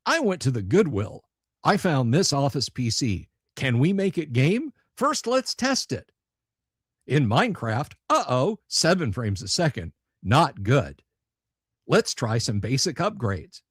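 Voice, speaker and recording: A man's voice: medium pitch, sing-song, measured pace, husky, no room sound. A chirpy, formulaic video creator, mimicked by a man with sing-song presenter patter. He sounds upbeat and canned. The recording is dry. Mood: mock cheer.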